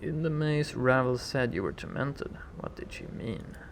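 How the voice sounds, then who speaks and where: A man's voice: medium pitch, lively intonation, a little slow, vocal fry, noisy background. A man hosting a let's play, reading dialogue options and making joking asides about his choices. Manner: joking asides, self-correcting. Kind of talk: casual let's play commentary. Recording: game music playing behind.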